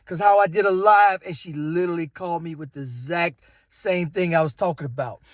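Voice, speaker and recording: A man's voice: on the high side, fairly quick, no echo. A man in his thirties from the Chicago area, ranting casually about dating and acting out bits of the story. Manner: animated, jumps into quoted voices. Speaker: vlogger.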